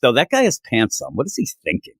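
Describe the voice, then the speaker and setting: Speaking at a quick pace, this man has a creaky, husky voice, captured in a clean studio with no room sound. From Minnesota, he co-hosts a casual comic book review chat, animatedly telling anecdotes and imitating quoted people in high voices.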